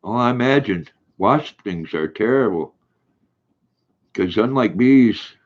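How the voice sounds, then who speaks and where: Rich: An older man with a low voice chats his way through a home live stream, rambling from one story to the next and laughing easily. The sound is dull and lo-fi. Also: lively intonation, takes it slowly. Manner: rambling, reads viewer comments aloud, chuckles often. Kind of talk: casual live stream chat.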